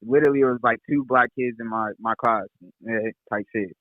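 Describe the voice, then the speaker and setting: A laid-back rapper in his 20s from Kansas City, Missouri, chats casually as an interview guest, rambling with plenty of fillers and laughs. His medium-pitched voice is fairly even in intonation and a little quick. The audio is tinny like a phone, with no room sound.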